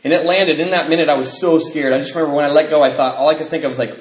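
A man's voice: on the high side, fairly even intonation, racing, echoey room, low-quality recording. A man sharing a personal testimony, telling the story of his life candidly, with fillers and nervous laughs.

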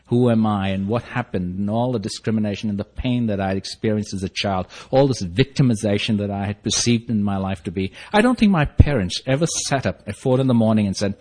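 A man's voice: on the low side, brisk, hardly any pauses, a little mellow. A middle-aged man giving a personal recovery testimony, telling his story earnestly and rising into fervent bursts. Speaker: recovery meeting speaker.

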